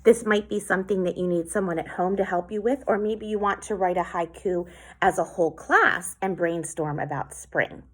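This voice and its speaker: A woman teacher with a lowish voice takes children through a poetry lesson, speaking slowly and clearly as she sounds out words by syllable.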